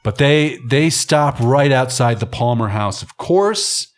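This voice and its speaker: A man's voice: mid-range voice, expressive, takes it slowly. A man hosting a film podcast, giving casual, wry and rambling commentary. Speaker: podcast host.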